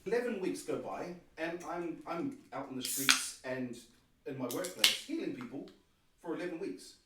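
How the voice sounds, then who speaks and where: Male podcast guest, lively storyteller who voices the dialogue; slightly high voice, recorded at a distance. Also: moderate pace, heavy background noise. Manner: animated, acts out quoted dialogue. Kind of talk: personal storytelling. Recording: very echoey room, distant mic.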